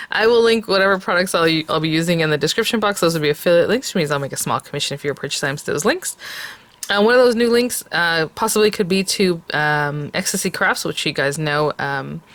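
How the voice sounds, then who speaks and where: A woman's voice: lowish voice, a bit bright. A woman hosting a casual papercraft tutorial, chatty and rambling, often laughing between thoughts. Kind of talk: casual craft tutorial chat.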